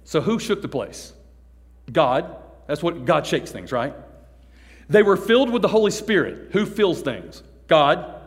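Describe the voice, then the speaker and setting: Joking, animated preacher man in a hall. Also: a little high, a little slow. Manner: animated and joking, acting out people he describes. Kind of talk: sermon to a youth service. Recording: long hall reverb.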